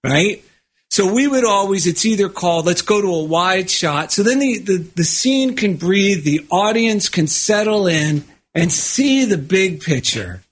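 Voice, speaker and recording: A man's voice: sits high, animated, a little slow. A man co-hosting a podcast, an author telling rambling anecdotes in casual conversation, with frequent restarts.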